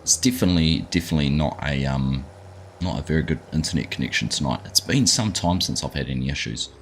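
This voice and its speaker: Aussie guy with a really deep voice, lively up and down, chatting to his stream viewers, calls everyone mate. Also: fast talker, slight background noise. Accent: Australian. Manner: chatty, greets viewers by name, says mate a lot. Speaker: livestream gaming host. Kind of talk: casual live-stream chat.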